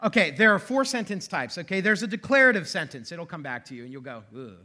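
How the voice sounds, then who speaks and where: A man's voice: sits high, sing-song, quick pace, sharp tone. A male pastor preaching a sermon in a church, conversational and self-deprecating, with joking asides. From western Pennsylvania. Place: church sanctuary.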